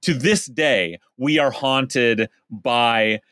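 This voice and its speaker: A man's voice: mid-range voice, extremely slow, sharp tone, no echo, studio quality. A man co-hosting a podcast in casual chat, rambling, swearing and laughing often. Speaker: podcast co-host.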